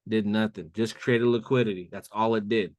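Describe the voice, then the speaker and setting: Male trading mentor, low voice, casual slangy delivery, dry close mic. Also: fairly even intonation, normal speed, no room sound. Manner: casual, says "bro" a lot. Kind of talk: live trading call walkthrough.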